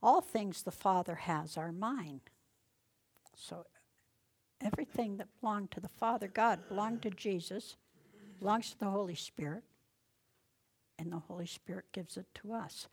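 At an informal Bible study, a woman of medium pitch speaks at normal speed with a breathy edge and long pauses. Verses get read out loudly and forcefully, followed by hushed, almost whispered remarks. She keeps it chatty and homespun, often posing rhetorical questions.

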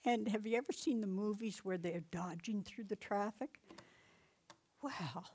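A middle-aged woman leads a relaxed Bible teaching, mixing scripture with stories from her own life. She talks in a chatty, easygoing way at a middle pitch, laughs often, and turns suddenly loud and firm when she gives commands. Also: unhurried, breathy edge. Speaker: Bible teacher and deliverance minister.

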